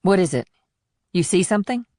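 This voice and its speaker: A man voicing a tense, sharp-tongued woman federal agent in an audiobook thriller, with clipped, alert questions. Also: high-pitched, animated, fairly quick, no echo, studio quality, voice pushed up. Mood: wary.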